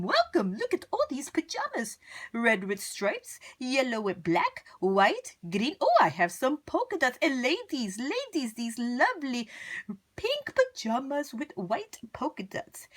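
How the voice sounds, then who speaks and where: A showy male performer hawks his wares in a storybook, played by a woman. His patter is sing-song and theatrical, rising and falling with lively swings. He savors each word at a leisurely pace. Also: high voice, full character voice. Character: showy male street performer selling pajamas.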